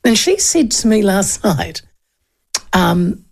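A New Zealand woman in her fifties hosts a talk radio show with a gravelly, fry-tinged voice. She talks through the polls in a loose, chatty way, full of fillers. Her pitch sits in the middle range for a woman. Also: very animated, slow. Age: 50s. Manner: chatty, digressive, with frequent fillers and laughs. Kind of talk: casual political commentary.

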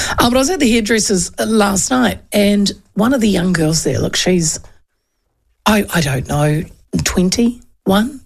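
A woman's voice: lowish voice, gravelly. A woman hosting a talk show, giving casual political commentary in a chatty, rambling way with many fillers and restarts.

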